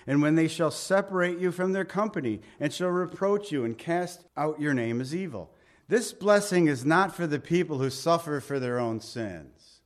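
A middle-aged man, a pastor, preaching a conversational sermon that swings between loud emphatic lines and hushed, quiet asides. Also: on the high side.

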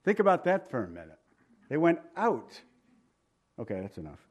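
A man's voice: a little high, huge pitch swings, moderate pace, a little mellow, breathy edge. A man preaching a sermon in a folksy, joking way, with asides, repeated phrases and rhetorical questions.

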